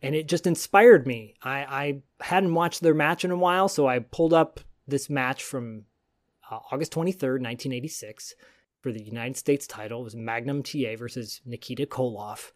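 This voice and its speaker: A man's voice: mid-range voice, normal speed. A man co-hosting a podcast, telling a story in a rambling, enthusiastic way. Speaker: podcast co-host. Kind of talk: casual chat.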